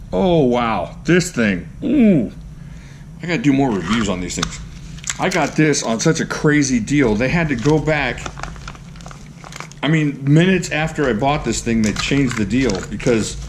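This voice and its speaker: A man hosting a casual show-and-tell vlog, gushing with excited exclamations and throwing in goofy jokes. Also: mid-range voice, slight background noise. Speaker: knife collector, channel host.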